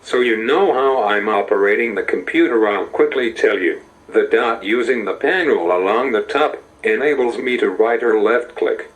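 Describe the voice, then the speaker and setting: A man narrating through a text-to-speech voice with an American accent, slow, even and measured. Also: lowish voice, low-quality recording. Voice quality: synthetic computer voice.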